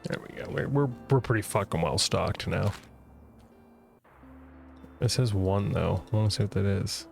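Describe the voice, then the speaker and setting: Low-voiced guy streaming a game, swears constantly, sarcastic and mock-annoyed. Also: normal speed, vocal fry, long pauses, a little mellow, faint music behind. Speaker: gaming streamer. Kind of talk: casual gameplay commentary.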